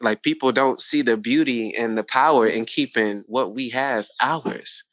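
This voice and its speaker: A man hosting a podcast, chatting casually and telling stories with lively quoted voices. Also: medium pitch, unhurried, no echo. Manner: animated storyteller, quotes others in lively voices. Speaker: podcast host.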